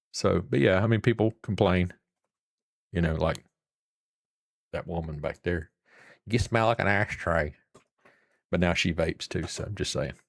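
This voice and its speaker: Guy rambling on stream, kinda low voice, swears a bit, dry mic. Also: no room sound. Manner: rambling, folksy, swears casually. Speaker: livestream host. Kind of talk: casual chat with viewers.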